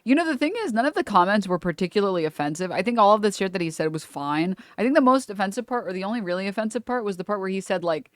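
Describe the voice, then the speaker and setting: A woman's voice: mid-range voice, lively intonation, fast talker, hardly any pauses, dry recording. A young woman streaming a reaction, her voice dry and close with no room sound. She laughs a lot, swears casually, and trades sarcastic jabs at what she's watching.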